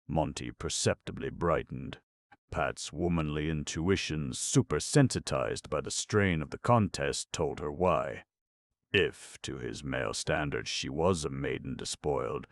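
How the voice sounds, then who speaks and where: A man narrating an audiobook in an extremely deep, gravelly voice. His reading is dramatic and swings widely in pitch. The sound is close and dry. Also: expressive, moderate pace, no room sound. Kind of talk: scripted narration.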